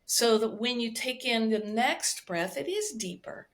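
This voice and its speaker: Higher-voiced woman, expressive healer. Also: unhurried. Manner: expressive, guiding with rhetorical "right?" asides. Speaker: guest, somatic healer and trauma educator. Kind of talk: conversational podcast interview.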